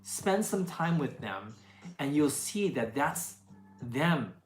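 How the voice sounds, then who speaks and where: A woman's voice: sits low, very animated, slow pace. A woman who makes food videos, chatting casually and answering questions, with lots of fillers, restarts and laughs. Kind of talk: casual Q&A chat. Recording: echoey room, faint music behind.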